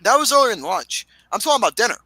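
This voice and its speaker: A man telling a story in a casual chat, profane and animated. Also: high-pitched, very fast, breathy edge, no room sound, rough recording. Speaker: co-host.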